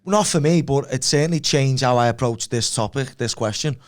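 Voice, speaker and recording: A man's voice: medium pitch, normal speed. Blunt male fighter, podcast guest, hammers his point home. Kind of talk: casual podcast debate.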